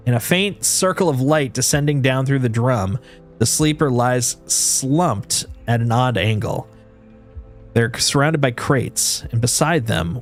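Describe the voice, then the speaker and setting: A man reads a video game's story aloud in second person, in an even, mid-pitched voice that often stumbles and restarts mid-phrase. Faint game music plays behind him. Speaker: streamer.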